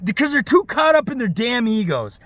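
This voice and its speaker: Ranting man with a lively high voice. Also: a little fast, dry recording. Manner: preachy, keeps asking "okay?" and "right?". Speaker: auto service technician vlogger. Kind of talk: ranting monologue to camera.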